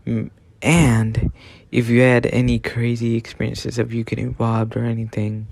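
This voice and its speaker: A young man tells a story in a casual, rambling way and leans on "like" constantly. His voice stays flat and gravelly. The sound is dry and close. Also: medium pitch, moderate pace, no room sound. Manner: rambling, lots of "like".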